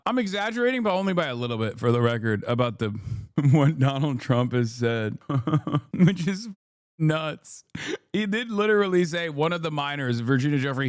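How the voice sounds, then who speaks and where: A man's voice: on the high side, very animated, moderate pace, no room sound, studio quality. A man in his thirties doing sarcastic, profane live-stream commentary, laughing often.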